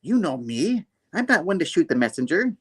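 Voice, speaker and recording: A haughty villainess matriarch, as a man puts her on purrs threats in a pompous, mock-sweet voice. He lifts his pitch a little above his normal range and keeps the delivery loud and theatrical. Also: very animated, moderate pace, breathy edge. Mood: menacing.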